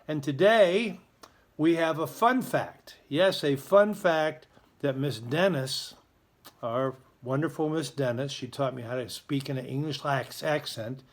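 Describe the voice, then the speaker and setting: A man's voice: fairly high pitch, a little slow. A man hosting a school's morning announcements, in a chatty, joking, self-deprecating manner. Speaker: school morning show host.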